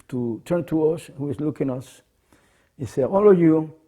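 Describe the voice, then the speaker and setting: A man from Mexico, calmly telling a personal memory. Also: fairly high pitch, normal speed, breathy edge. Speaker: devotee recalling memories. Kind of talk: personal reminiscence.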